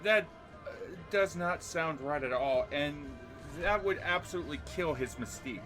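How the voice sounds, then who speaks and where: A man's voice: on the high side, lively intonation, normal speed, music in the background. A man streaming a driving game, chatting casually and dryly about his run. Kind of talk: casual gameplay commentary.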